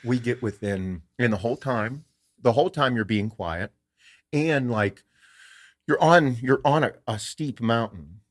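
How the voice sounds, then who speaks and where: A man hosting a podcast, telling a story in a casual, animated way and swearing freely. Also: mid-range voice, measured pace. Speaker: podcast host.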